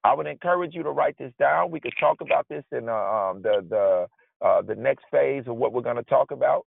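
A man preaching a conversational sermon, informal and animated, acting out his frustration in asides. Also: medium pitch, a little fast, vocal fry, slightly rough, no room sound. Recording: dry, tinny phone-like sound.

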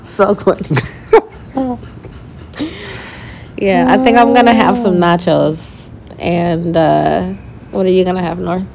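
Chatty lady podcaster, lowish voice with lots of vocal fry, faint noise behind. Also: slow, pauses often. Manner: laughing, chatty, trails off. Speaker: podcast co-host. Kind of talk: casual travel podcast chat.

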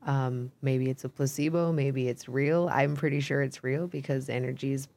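A woman's voice: extremely low pitch, fairly even intonation, moderate pace, dark tone. A young woman from Idaho, a podcast guest talking in a casual, rambling way, full of "like" and "um," swearing freely. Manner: rambling, frequent "like" and "um", candid with swearing. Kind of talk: casual chat.

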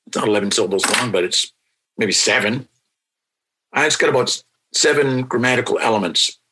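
A man who teaches a language, answering interview questions in a patient, explanatory way and repeating example words slowly. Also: medium pitch, bright, forceful tone, breathy edge, poor audio.

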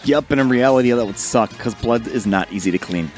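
A man's voice: mid-range voice, fairly quick, darkish tone, soft background music. A man co-hosting a casual podcast, laid-back and blunt in his complaints about games. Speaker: podcast co-host.

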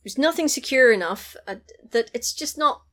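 A woman in casual chat, retelling a film's plot with animated storytelling and quick character impressions. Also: high voice. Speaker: podcast co-host recapping a film.

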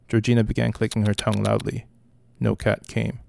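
A man narrating a dark short story in a flat, steady way. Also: fairly low pitch, fairly quick, gravelly, no room sound. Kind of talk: story reading.

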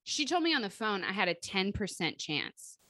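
A woman's voice: mid-range voice, sing-song, normal speed, bright, forceful tone, no room sound, clean studio sound. A woman in her thirties co-hosting a chatty podcast, talking bluntly and swearing freely. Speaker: podcast co-host. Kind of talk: casual chat.

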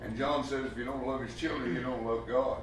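A man's voice: medium pitch, steady tone, fairly quick, slight background noise. A man preaching a sermon in a folksy, emphatic way, asking rhetorical questions in a church. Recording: echoey room with the mic far off.

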